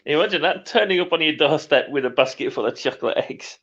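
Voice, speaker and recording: A man's voice: a little high, lively intonation, fast, a bit bright, highs cut off. A middle-aged man co-hosting a livestream, chatting casually, laughing often and reading chat comments aloud. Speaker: livestream co-host.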